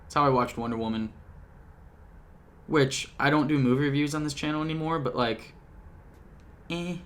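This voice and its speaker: Speaking at normal speed in a steady, fairly bright, higher-pitched voice, a young man recaps things for his vlog while talking to a camcorder in his apartment. The YouTuber is casual and jokey, rambling and frequently interrupting himself mid-sentence.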